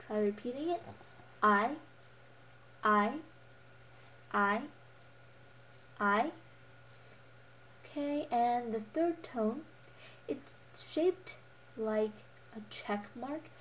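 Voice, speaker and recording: A woman's voice: fairly high pitch, warm tone, slight background noise. A young woman teaching a beginner Mandarin lesson, patiently modelling each tone with repeats and correcting herself with a little laugh. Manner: self-correcting, a little giggly.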